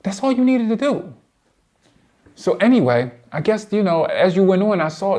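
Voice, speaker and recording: Indignant man lecturing, higher-pitched voice. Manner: indignant, lecturing, swings from low muttering to loud outbursts; addresses his target directly, slangy and blunt. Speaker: commentator responding to a debate. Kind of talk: heated reaction commentary.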